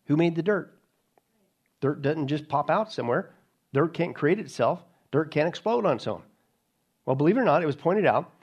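Male preacher, sarcastic, mocking, rhetorical questions, higher voice, very lively pitch. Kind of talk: sermon with mocking asides.

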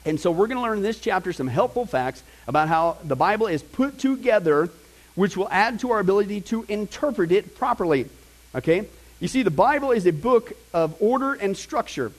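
Middle-aged pastor guy, high voice, animated preaching, talks right to the crowd. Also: fairly quick. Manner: animated, conversational preaching with asides and mock voices. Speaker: pastor teaching a Bible class. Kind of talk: sermon.

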